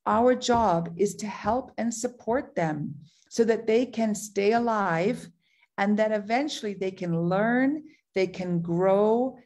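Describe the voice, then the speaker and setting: A woman's voice: medium pitch, darkish tone. A middle-aged woman giving a motivational business training talk, enthusiastic and repeating phrases for emphasis. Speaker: network marketing trainer.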